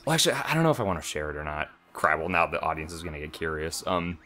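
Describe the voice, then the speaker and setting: Man in his mid-twenties, gaming co-host, rambling and hesitant, very low voice, bright tone. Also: rapid-fire. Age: mid-20s. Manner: rambling, hesitant, self-deprecating. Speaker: let's play co-host. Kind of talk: casual gaming chat.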